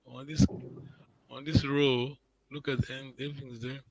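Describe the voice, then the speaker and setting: A man's voice: mid-range voice, flat delivery, normal speed, poor audio. A man teaching an online language class, patient and encouraging, repeating words and checking in with his students.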